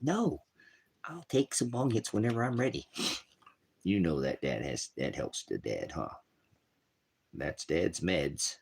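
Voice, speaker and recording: A man with a lowish, slightly mellow voice rambles at a normal speed in casual livestream chat, animated, with vocal fry and a breathy edge. He has a cough and keeps slipping into sweet baby-talk with his dog. He's broadcasting from a small, hot cabin on an off-grid farm.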